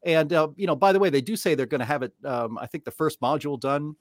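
Sarcastic animated man on a dry mic. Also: a little high, fast, no echo. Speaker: podcast co-host. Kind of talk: casual political discussion.

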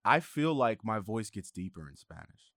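A man hosts a podcast in loose, casual conversation. His voice sits on the low side and sounds dry and close to the mic. He trips over his words, restarting sentences and filling gaps with fillers. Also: very animated, normal speed, fairly bright tone, dry recording. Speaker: podcast host. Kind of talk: casual chat.

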